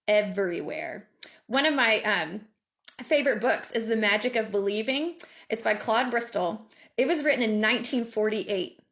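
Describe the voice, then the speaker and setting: Woman, slightly high voice, animated motivational speaker on a video call. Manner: lively, laughs often, acts out inner voices. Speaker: guest speaker. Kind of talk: motivational talk.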